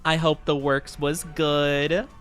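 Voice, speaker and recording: A young man chatting casually on a live stream, rambling and self-deprecating, often jumping into high squeals. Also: little pitch movement, takes it slowly, fairly bright tone, soft background music.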